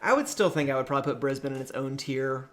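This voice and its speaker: A man co-hosting a podcast from a rental house, calmly running through tournament standings with dry jokes. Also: mid-range voice. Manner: measured, analytical, with dry jokes. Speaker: podcast co-host. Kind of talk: casual tournament recap chat. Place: shared rental house, indoors.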